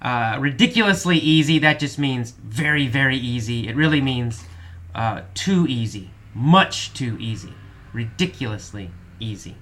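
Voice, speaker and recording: Man with a bright voice explaining vocabulary. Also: medium pitch, animated. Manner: slow, patient explanations with frequent repetition and fillers. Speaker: English teacher. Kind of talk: vocabulary lesson, explaining word meanings.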